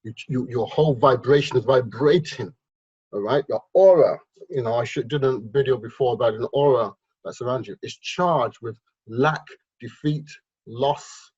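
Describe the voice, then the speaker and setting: A man's voice: mid-range voice, moderate pace, darkish tone, slightly rough, highs cut off. A man delivering an emphatic, repetitive motivational monologue on a wealth-mindset vlog, lecturing the viewer.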